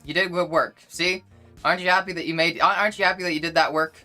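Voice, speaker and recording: A woman's voice: on the low side, steady tone, fast talker, pushed and bright, soft background music. A woman putting on the voice of a smug male boss who taunts a worker he refuses to pay. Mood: smug taunting. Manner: mocking, taunting. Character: smug male boss gloating over unpaid wages.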